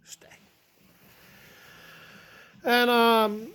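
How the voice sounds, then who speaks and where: Slow, rambling small-town vlogger venting. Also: medium pitch, completely flat delivery, fairly bright tone, clean tone. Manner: rambling, profane, grumbling venting. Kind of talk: casual storytelling rant.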